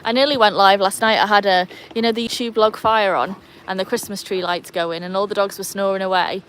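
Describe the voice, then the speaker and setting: A woman chatting her way through a live stream, rambling and relaxed, full of "like" and "um". She talks outdoors by a pool in a middling voice, with faint ambient noise and dogs behind her. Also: mid-range voice, brisk. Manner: chatty and rambling, with many fillers. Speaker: live-stream host of a dog channel. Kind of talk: casual live-stream chat.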